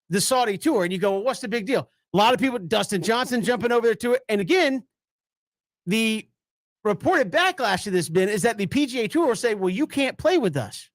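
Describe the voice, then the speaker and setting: High-pitched guy cohosting sports talk, laughs a lot, dry close sound. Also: fairly quick, dry recording. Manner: laughs often, animated storyteller. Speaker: sports radio co-host.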